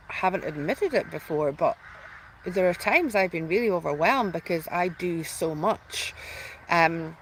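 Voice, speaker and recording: A woman's voice: deep voice, a little hiss or hum, rough recording. A woman hosting her own spiritual channel, talking in a heartfelt, rambling way full of restarts and fillers, close to tears at times. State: tearful at times. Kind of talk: emotional personal announcement.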